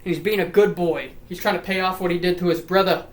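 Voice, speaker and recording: A man's voice: high-pitched, steady tone, fast, echoey room. A man rattling through a comedic lore summary, rambling and profane, with repeats and silly put-on voices. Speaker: lore recap commentator.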